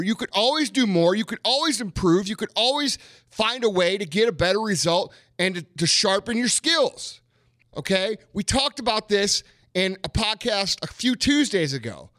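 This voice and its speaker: A man's voice: high voice, sharp tone, dry recording, studio quality. Blunt, profane male podcast host. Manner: repetitive, punchy rhetorical questions. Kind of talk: motivational podcast monologue.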